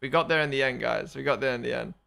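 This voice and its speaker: A young man live-streaming his reactions to a race broadcast, excitable and quick to repeat himself. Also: medium pitch, vocal fry.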